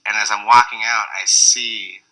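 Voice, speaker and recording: Bright-toned young guy telling a wild story. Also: on the low side, normal speed, poor audio. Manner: excitable, swears freely, acts out his own reactions. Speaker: interviewee telling a party story. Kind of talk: casual anecdote interview.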